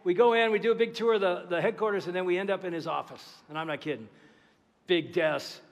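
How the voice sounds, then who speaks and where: A middle-aged man preaching a sermon as pastor, telling a story with lively energy and acting out the voices of the people in it. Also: high-pitched, fast, long reverb tail. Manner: animated storytelling, acting out dialogue. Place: large church auditorium.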